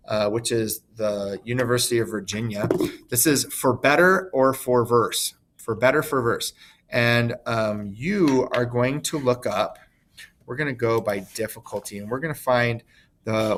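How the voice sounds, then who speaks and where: Casual man teaching a screen lesson. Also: medium pitch. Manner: relaxed, informal, many ums and uhs. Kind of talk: recorded online lesson, screen demonstration.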